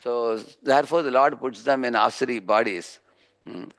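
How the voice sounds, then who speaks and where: Speaking at normal speed in a slightly bright mid-range voice, an Indian-accented man preaches on scripture in a class. Everyday stories fill his sermon, he keeps asking a questioning "huh?", and he acts out the voices of his characters.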